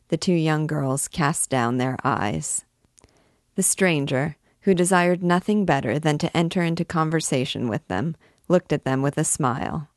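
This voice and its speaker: A woman with a low, dusky voice reads a classic novel aloud in a measured, unhurried way. She gives each character only a light touch of voice. The sound is dry and close, with no room around it. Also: no room sound. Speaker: audiobook narrator. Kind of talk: scripted narration of a classic novel.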